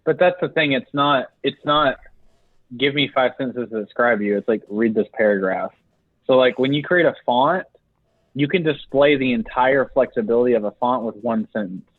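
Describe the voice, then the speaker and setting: A man's voice: mid-range voice, moderate pace, no echo. A young man co-hosting a casual podcast, telling rambling stories and laughing as he talks. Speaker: podcast co-host. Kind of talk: casual chat. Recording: dry, tinny phone-like sound.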